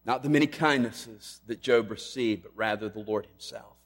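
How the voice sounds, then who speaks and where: A man preaching a sermon, emphatic, rising loud on questions and dropping to a hush on key lines. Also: fairly low pitch, moderate pace. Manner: emphatic, swings between loud and hushed. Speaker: pastor.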